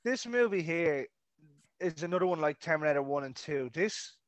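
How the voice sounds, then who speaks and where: A man co-hosting a casual podcast, laid-back and quick with asides. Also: on the high side, expressive, no echo. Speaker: podcast co-host. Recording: dry close sound.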